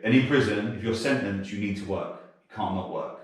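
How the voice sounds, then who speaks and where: A man with a South London accent, telling sweary, animated stories as a podcast guest. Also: on the low side, quick pace. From South London, England. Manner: sweary, animated anecdote-telling with bursts of laughter. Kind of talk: casual storytelling interview. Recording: very echoey room, mic at a distance.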